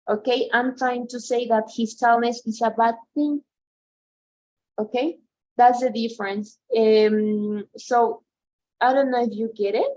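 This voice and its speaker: A woman's voice: a little high, darkish tone, highs cut off, slight background noise. A woman teaching in an online lesson, explaining patiently and checking in often with "right?" and "okay?". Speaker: English tutor.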